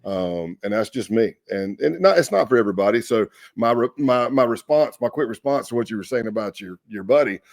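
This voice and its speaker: Animated storytelling man, low voice. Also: brisk, gravelly, hardly any pauses, no room sound, studio quality. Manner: animated storyteller, acts out quotes and laughs often. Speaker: guest, former FBI agent. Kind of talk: casual podcast interview.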